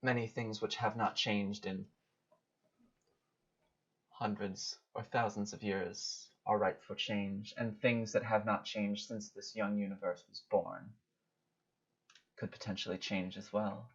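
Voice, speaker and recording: A man's voice: on the low side, flat delivery, measured pace, long pauses, a bit bright, slightly rough, exaggerated voice. A man voicing a solemn preaching goddess. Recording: dull lo-fi audio.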